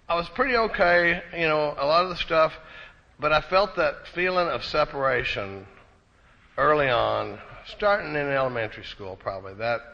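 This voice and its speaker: Bright-voiced middle-aged man telling stories. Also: medium pitch, vocal fry. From Texas. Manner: folksy storyteller with self-deprecating jokes. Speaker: recovery meeting speaker. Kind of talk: personal recovery talk at a conference. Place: conference hall. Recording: muffled live talk recording.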